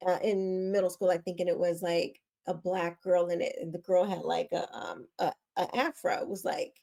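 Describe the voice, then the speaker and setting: A woman's voice: on the low side, fairly even intonation, moderate pace, vocal fry, warm tone. Chatty sassy woman hosting commentary. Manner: chatty, sassy, rambling with fillers. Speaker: host. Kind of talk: casual opinion commentary.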